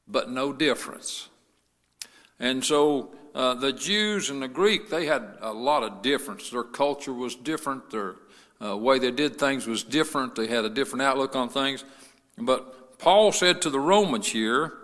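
Male pastor, bright and high-pitched, fervent sermon delivery, reverberant church sanctuary. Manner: rising to an impassioned preaching cadence, with many "uh" fillers. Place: church sanctuary, broadcast service. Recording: long reverb of a church hall.

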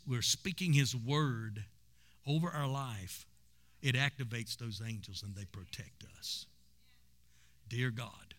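A man preaching, his voice bright and forceful. He tells stories with plenty of emphasis. His pitch sits in the middle range. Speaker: pastor. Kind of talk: sermon.

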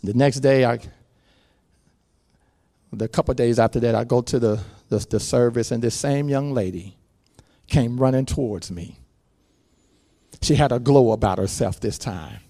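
A male pastor preaching a sermon, moving from quiet storytelling to loud shouted passages. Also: medium pitch, normal speed, long pauses.

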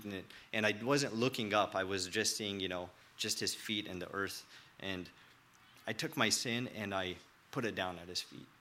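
A young man preaching a sermon in an earnest, halting way, with many restarts and filler words. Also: low voice, sharp tone.

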